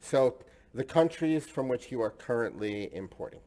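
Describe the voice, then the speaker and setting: A man's voice: medium pitch, animated, normal speed, mellow. A man hosting a casual tasting discussion, enthusiastic and chatty, often repeating himself. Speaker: host.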